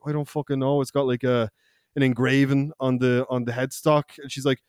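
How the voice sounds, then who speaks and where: A man's voice: medium pitch, little pitch movement, fairly quick, darkish tone, clear, resonant tone, no echo, clean studio sound. A young Irish man, a podcast co-host, telling a loose, profane anecdote in casual chat, laughing and acting out quotes. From Ireland.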